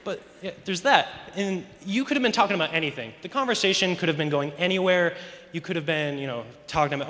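A teen boy's stand-up set at a school talent show is rambling and self-mocking, full of "you know." He talks quickly in a sharp, higher-pitched voice, and the large auditorium stage gives the recording an echoey hall sound.

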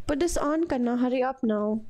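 A woman voicing a patient young mother who gently coaxes her small son, in her own voice. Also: high voice, brisk, natural voice. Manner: gentle coaxing.

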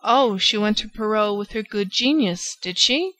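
A bewildered young nobleman speaks earnestly, sounding troubled and lovesick. A woman reading the audiobook voices him at a middling pitch, close to her own voice. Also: expressive, moderate pace, fairly bright tone, natural voice. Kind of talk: audiobook character voice.

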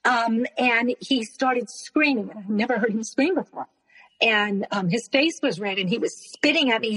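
Woman guest, breathy voice, halting emotional retelling, long reverb on the recording. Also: mid-range voice, fairly bright tone. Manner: halting, with many restarts and repeated words. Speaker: interview guest. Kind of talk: emotional personal storytelling.

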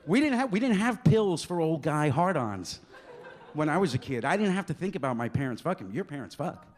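Guy doing crude stand-up in a club, kinda higher voice, chatty crowd work on a stage mic. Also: sing-song, a little fast. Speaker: stand-up comedian and host. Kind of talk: stand-up comedy.

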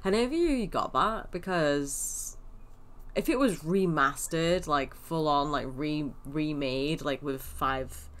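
A young woman casually chatting and rambling through gameplay commentary as a gaming channel host, with sudden excited squeals. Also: deep voice, slow.

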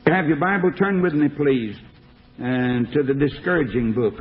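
A man's voice: mid-range voice, moderate pace, noisy background. A man preaching a folksy, emphatic sermon full of stories, as an evangelist introducing singers and opening a Bible lesson. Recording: tinny old phone-like archive recording.

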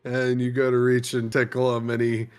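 A man's voice: medium pitch, completely flat delivery, normal speed, darkish tone, clean tone, soft background music. A young man narrating as game master of a tabletop game, often laughing as he goes.

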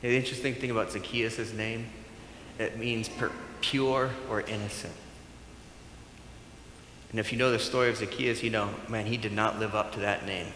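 Bright-voiced pastor in an echoey hall. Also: male voice, lowish voice, normal speed, slight background noise. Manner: animated, acts out dialogue with playful humor. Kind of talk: sermon. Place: church sanctuary. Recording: echoey hall with faint room ambience.

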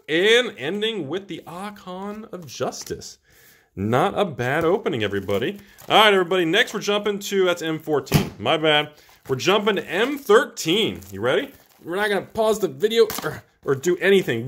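Lively chatty man opening card packs. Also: a little high, normal speed, a little hiss or hum. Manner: chatty, excitable, joking asides to viewers. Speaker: card-opening channel host. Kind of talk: casual pack-opening commentary.

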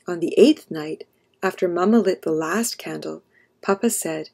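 A woman storyteller reading a children's picture book aloud in a gentle, expressive way. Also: fairly low pitch, normal speed, vocal fry.

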